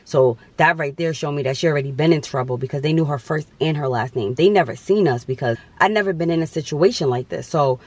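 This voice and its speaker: Young guy telling a wild story on his vlog, higher voice, real dramatic. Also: fast, hardly any pauses, a little mellow. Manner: emphatic, dramatic storytelling with repetition. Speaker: vlogger.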